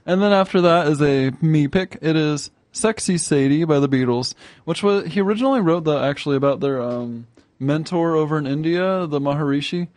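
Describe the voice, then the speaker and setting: A young man hosting a casual college radio show, chatty and quick. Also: a little high, darkish tone, dry recording. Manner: quick, chatty, laughs easily. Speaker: radio host.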